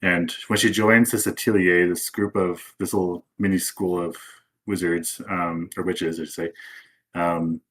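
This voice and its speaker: A young man co-hosting a podcast, explaining an anime in relaxed casual chat with hesitant ums. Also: low voice, a little slow, slight background noise. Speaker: podcast co-host.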